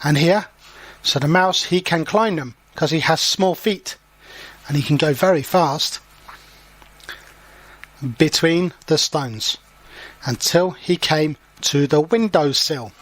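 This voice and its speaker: A man's voice: fairly high pitch, a bit bright. A man reading a children's story aloud as an English teacher, stopping to explain words simply. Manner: slow and clear, pausing to explain words. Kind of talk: storybook read-aloud for learners.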